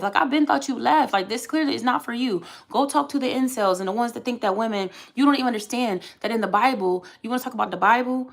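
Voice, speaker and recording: A woman's voice: mid-range voice, quick pace, gravelly. A young adult woman from the United States venting candidly to her live-stream chat and talking back to commenters. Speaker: vlogger.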